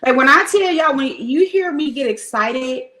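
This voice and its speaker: A woman's voice: sits high, lively intonation, normal speed, pushed and bright, rough recording. A woman livestreaming from home, chatting casually and frankly with her viewers, rambling and swearing now and then. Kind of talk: casual chat with live viewers. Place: home in Cleveland. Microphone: streaming setup at home.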